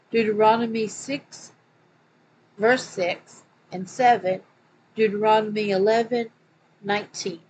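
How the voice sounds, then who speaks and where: A woman with a Southern accent reading a religious book aloud, with hesitant asides and slow, louder scripture quotes. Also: mid-range voice, steady tone, slight background noise, rough recording. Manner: hesitant, many fillers, slows and gets louder when quoting scripture. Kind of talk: casual read-aloud with asides. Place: home.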